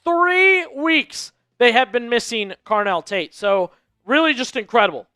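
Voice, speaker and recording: A man's voice: very high-pitched, expressive, a little slow, sharp tone, clear, resonant tone, no room sound. A man hosting a live sports stream, giving casual pregame commentary and talking straight to his viewers, often repeating phrases for emphasis. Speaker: livestream sports show host.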